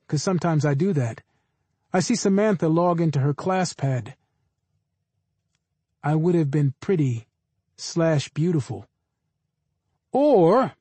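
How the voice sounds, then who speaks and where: A man narrating a first-person audiobook in a plain, even storytelling manner. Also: a little high, breathy edge, no room sound.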